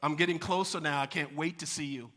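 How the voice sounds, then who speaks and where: A preacher playing a pushy man in the next stall who keeps calling out loud and repeats each question. His voice is bright and forceful. It carries into a long church-hall reverb. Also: fairly high pitch, steady tone, fairly quick. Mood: eager. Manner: loud, insistent, repeating himself.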